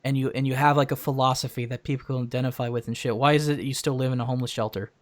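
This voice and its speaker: A man's voice: mid-range voice, steady tone, racing. Angry profane man ranting. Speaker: stream host. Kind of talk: heated voice-call stream argument.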